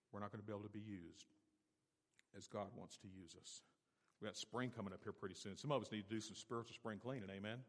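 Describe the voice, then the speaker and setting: Preaching man in a reverberant hall. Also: fairly low pitch. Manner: preaching with big swings from quiet to loud; repeats key phrases for emphasis. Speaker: pastor. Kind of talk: sermon.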